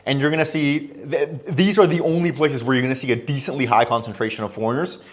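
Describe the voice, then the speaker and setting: A man's voice: medium pitch, fairly even intonation, fast talker. A young man talking casually into the camera, giving friendly advice in a loose, conversational way and acting out bits of dialogue. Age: young adult. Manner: chatty, loose and conversational, acts out little dialogues. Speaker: expat vlogger.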